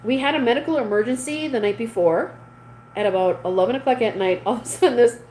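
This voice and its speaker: A woman's voice: fairly high pitch, fast talker, a little mellow, a little hiss or hum, poor audio. A woman hosting a casual livestream, chatting with viewers and reading their comments aloud. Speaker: livestream host. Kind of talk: casual live chat with viewers.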